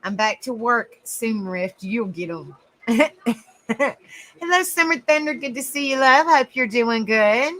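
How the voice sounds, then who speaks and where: Slow-talking bright Southern woman streamer. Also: a little high, lively intonation, rough recording. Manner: chatty, giggly, greets viewers by name. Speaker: livestream host. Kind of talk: casual live-stream chat.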